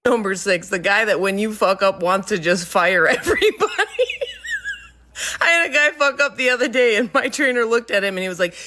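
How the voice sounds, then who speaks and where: A woman's voice: medium pitch, fairly quick. A woman who manages a workplace, telling comic stories about her employees, often laughing mid-sentence and swearing freely. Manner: animated. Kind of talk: comedic storytelling monologue.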